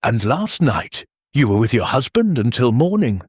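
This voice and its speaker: A man voicing a shrewd, gentle detective with soft, deliberate questioning. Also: mid-range voice, sing-song, breathy edge, dry recording, studio quality. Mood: probing.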